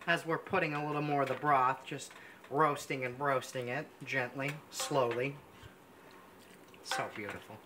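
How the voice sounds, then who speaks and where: A man's voice: medium pitch, flat delivery, moderate pace. A man hosting a mock cooking show, gushing pompously over every dish as he works in a home kitchen. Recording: noisy kitchen sound.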